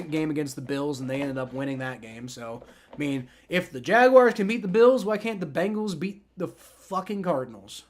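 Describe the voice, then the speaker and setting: Rambling man on a football livestream. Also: on the high side. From family from the American South. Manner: rambling, restarts, swears. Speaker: livestream host. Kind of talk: casual live football reaction.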